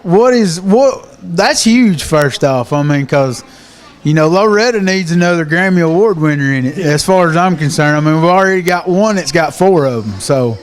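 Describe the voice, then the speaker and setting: A man hosts a casual talk show live from a pizzeria. His voice sits fairly high, and his chat is folksy and easygoing. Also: expressive, moderate pace. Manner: folksy, easygoing, laughs often.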